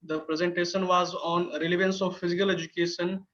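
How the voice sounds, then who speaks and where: A man's voice: high-pitched, flat delivery, a little fast, fairly bright tone. A man, moderating a webinar and politely inviting questions from participants. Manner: polite, deferential. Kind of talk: hosting a webinar. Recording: dull lo-fi audio with faint noise.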